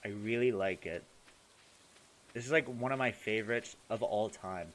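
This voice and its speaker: A man's voice: lowish voice, moderate pace, slight background noise. A young man live-streaming a game, playfully sarcastic as he reads and answers chat comments.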